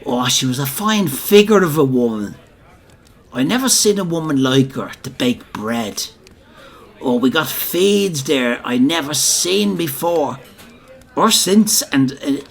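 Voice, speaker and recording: A slow, rambling old Dublin storyteller. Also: male voice, on the high side, big pitch swings, vocal fry, breathy edge, heavily acted. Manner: rambling, colloquial, conspiratorial asides. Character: older Dublin man, rambling, boastful pub storyteller. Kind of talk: theatrical comic monologue.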